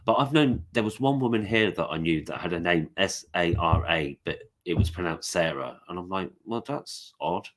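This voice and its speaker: A man's voice: sits low, fairly quick, hardly any pauses, a bit bright. A man with an English accent chatting casually on a video call, teasing and laughing often. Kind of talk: casual livestream chat.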